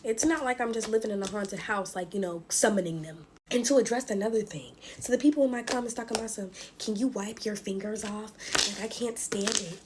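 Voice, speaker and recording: A woman's voice: on the high side, quick pace, few pauses, a little mellow, a little hiss or hum. A young woman from the United States, casually telling scary stories at home while playing with slime, talking expressively and calling her viewers y'all. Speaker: storyteller. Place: indoors at home.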